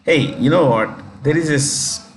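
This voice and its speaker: A man's voice: on the high side, unhurried, echoey room, slight background noise. A man with an Indian English accent teaching a current affairs lesson to test-prep students. He is chatty, repeats his points and corrects himself aloud. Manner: speaks directly to students.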